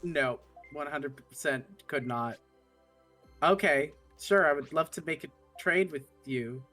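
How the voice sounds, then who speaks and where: A woman's voice: low voice, unhurried, fairly bright tone, faint music behind. A woman casually chatting while playing a video game on stream, laid-back and self-deprecating. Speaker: co-host streamer. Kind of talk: casual gaming chat.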